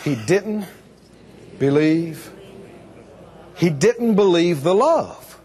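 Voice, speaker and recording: Male revival preacher, high and lively voice, long hall reverb. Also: drawn-out words, slightly rough. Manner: emphatic, call-and-response with the congregation. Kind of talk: revival sermon. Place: church or meeting hall.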